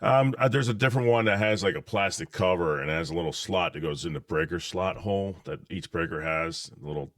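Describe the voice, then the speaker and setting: A man hosting a casual chat, telling animated stories and laughing often. His voice is very low. The sound is dry. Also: a little fast, hardly any pauses, no echo. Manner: animated storyteller, laughs often, calls people dude. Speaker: podcast host.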